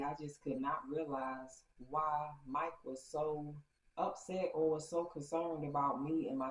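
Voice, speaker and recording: A woman telling a casual storytime story, animated and acting out each exchange with swinging pitch. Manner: animated, acts out dialogue with lively pitch swings. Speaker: storyteller vlogger. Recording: roomy, slightly dull recording.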